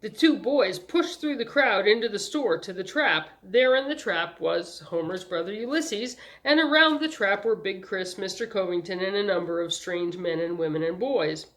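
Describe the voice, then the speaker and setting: A woman narrating a novel chapter aloud in a calm, measured way. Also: medium pitch. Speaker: storyteller. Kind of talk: audiobook narration.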